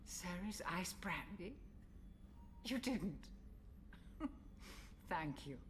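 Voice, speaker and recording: An older ship doc in a game, slow and gentle. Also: female voice, fairly low pitch, animated, a little hiss or hum. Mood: fond. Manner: gentle, unhurried. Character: older woman ship doctor, kind and wistful. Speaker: ship's doctor.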